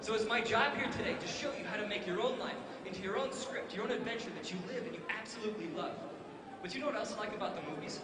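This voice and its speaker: High-voiced male speaker in an echoey hall. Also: fast. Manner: playful, jokey, does silly voices. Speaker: motivational speaker. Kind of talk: energetic stage talk to teens. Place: large hall with a live audience. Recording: echoey hall, loud crowd noise.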